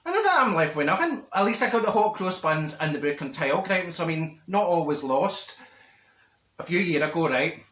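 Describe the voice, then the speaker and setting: A man's voice: a little high, animated, a little fast, a bit bright. A man voicing a chatty, rambling older Scottish woman in a comic monologue, her voice leaping up in indignation. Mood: gossiping. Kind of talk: stand-up character comedy. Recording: roomy echo.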